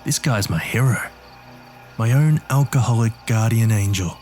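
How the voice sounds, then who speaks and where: A man's voice: lowish voice, moderate pace, darkish tone, faint music behind. A man narrating a horror story in the first person with a gritty, streetwise delivery.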